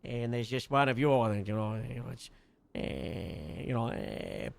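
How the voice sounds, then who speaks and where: Gravelly man giving a rambling briefing. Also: on the low side, huge pitch swings, a little slow, no room sound. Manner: rambling, full of "uh" and "you know". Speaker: police captain in a role-play. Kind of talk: casual briefing.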